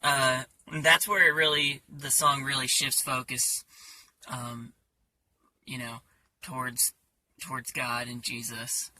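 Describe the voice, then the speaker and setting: A man talking casually about his songs in a halting way, with many fillers and restarts. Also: mid-range voice, little pitch movement, sharp tone, far from the mic, a little hiss or hum. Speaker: songwriter.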